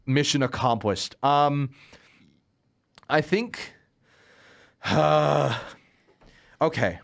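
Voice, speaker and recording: In a relaxed, unhurried way with frequent pauses, a medium-pitched podcast host chats about movies, his delivery animated, sarcastic, and ranting, with plenty of laughter.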